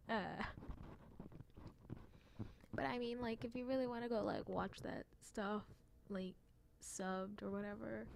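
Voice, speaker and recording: A woman's voice: a little high, gravelly, slight background noise. A young woman chatting casually about an anime she loves, rambling with many fillers and frequent self-deprecating giggles. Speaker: anime fan vlogger.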